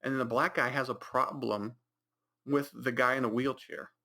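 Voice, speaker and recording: A male podcast host rambles through a mocking movie recap, restarting a lot and putting on exaggerated reactions. His medium-pitched voice is steady and bright with a forceful tone, at normal speed.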